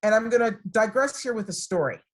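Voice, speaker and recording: A woman's voice: a little high, animated, a little fast. Encouraging woman speaking on a video call. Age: middle-aged. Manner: warm, encouraging, storytelling. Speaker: guest speaker. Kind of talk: talk to students over a video call. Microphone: computer microphone on a video call.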